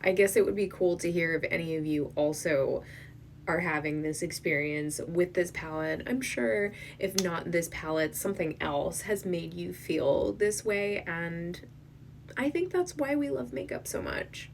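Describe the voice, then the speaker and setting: Woman, makeup swatch review, slow unhurried pace, gushing, whispery asides, teary, slightly distant mic. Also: lowish voice, slight background noise. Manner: gushing, emotional, slow and breathy, dips into whispers. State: tearing up. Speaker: beauty vlogger.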